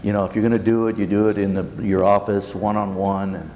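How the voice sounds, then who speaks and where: Speaking fast in a low, flat, dark voice, a former baseball manager, now an older man, shares blunt stories at a luncheon question-and-answer session and performs the lines he quotes. The setting is a large banquet hall, so the sound carries a long reverb and a little faint room noise.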